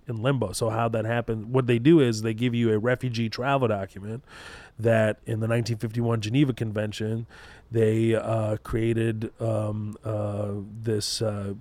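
A man's voice: lowish voice, a little mellow, dry recording. A man who grew up in Kuwait, a comedian guest telling a story in a casual podcast chat, acting out voices and swearing freely.

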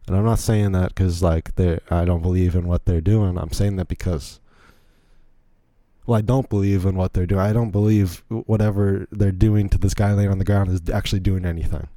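A man's voice: low voice, steady tone, normal speed, dark tone, no echo. A man hosting a podcast, giving incredulous, rambling play-by-play commentary on a video in a casual way. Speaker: podcast host.

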